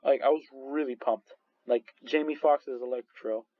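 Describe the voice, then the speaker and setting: A man's voice: medium pitch, fairly even intonation, moderate pace, no echo, narrow, tinny audio. A man reviewing movies in casual chat, rambling with many restarts and frequent laughs. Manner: rambling, full of restarts and fillers, laughs often.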